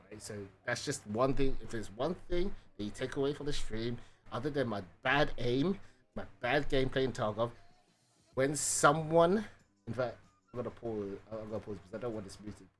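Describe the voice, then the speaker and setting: A man's voice: medium pitch, fairly quick, a little hiss or hum. A man streaming live, chatting casually with viewers in a rambling way, full of fillers, swearing and "right?".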